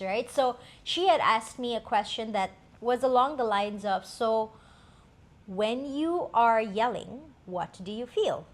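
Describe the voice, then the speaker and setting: Woman co-host, fairly high voice, candid and reflective, casual personal storytelling. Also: lively intonation, slow pace. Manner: candid, reflective, many fillers.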